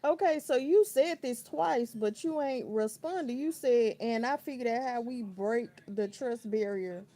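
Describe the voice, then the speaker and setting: A woman's voice: on the high side, a little slow, hardly any pauses, dark tone. A woman with a Southern US accent, chatting casually on a livestream and answering viewers' comments in a drawling way. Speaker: livestream host. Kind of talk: casual chat reading live comments.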